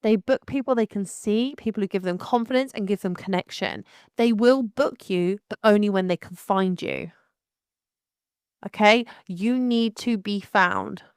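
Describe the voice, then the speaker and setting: A middle-aged English woman with a faint West Country lilt hosts her podcast alone, talking frankly and with energy. Her voice is smooth and crisp, and the dry, close recording has no room echo. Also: medium pitch, a little slow. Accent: light West Country English. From Devon and Somerset, England. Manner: frank, animated, calls listener darling. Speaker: podcast host. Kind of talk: casual solo podcast talk.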